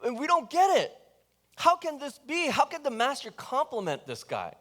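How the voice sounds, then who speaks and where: A man's voice: very high-pitched, wildly swooping pitch, normal speed, a bit bright. A man preaching a sermon, talking with the congregation in a conversational, questioning way and telling the story with animation. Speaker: pastor.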